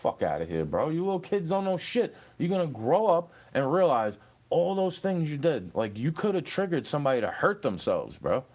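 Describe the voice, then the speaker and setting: A man's voice: fairly high pitch, sing-song, moderate pace, a little mellow. A young man ranting at a commenter, profane and confrontational, repeating "bro" as he lectures and threatens. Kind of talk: angry rant at a commenter.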